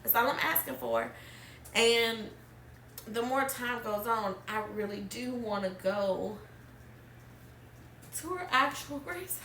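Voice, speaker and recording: A woman's voice: on the high side, fairly even intonation, measured pace, fairly bright tone, a little hiss or hum. A woman from Alabama hosting an emotional personal conversation, speaking candidly and wavering between tears and laughter. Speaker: podcast host. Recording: echoey room, mic at a distance.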